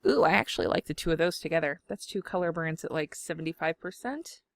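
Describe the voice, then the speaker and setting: A woman, chatting casually from home while she demonstrates design software, giggly and self-deprecating. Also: deep voice, expressive, quick pace, creaky, dry recording. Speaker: scrapbooking video host. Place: home room.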